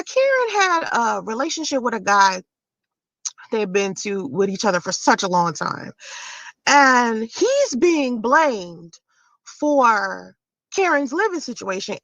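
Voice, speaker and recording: A woman's voice: fairly high pitch, a bit bright, no echo, highs cut off. A woman vlogger telling a story in a casual, profane rant, voice jumping into shrieks of disbelief.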